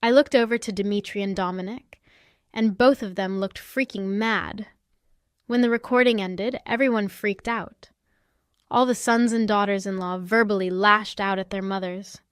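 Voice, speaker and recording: Woman, young adult, story narrator, sassy, confrontational, mid pitch, dry recording. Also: steady tone, moderate pace, smooth, no echo. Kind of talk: scripted first-person story narration.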